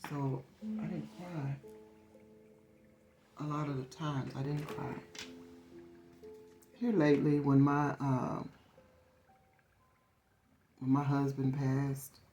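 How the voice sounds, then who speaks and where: A woman's voice: a bass voice, flat delivery, takes it slowly, pauses often, lo-fi sound. A woman reading tarot in a casual, conversational way, repeating phrases for emphasis. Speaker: tarot reader. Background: soft guitar music.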